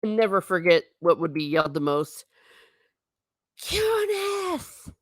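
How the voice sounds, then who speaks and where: A woman, chatting casually on a stream and reading out viewer comments with a lively manner. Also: low voice, a little fast, no room sound, studio quality. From Ireland. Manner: chatty, animated, breaks into silly singing. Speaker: livestream host.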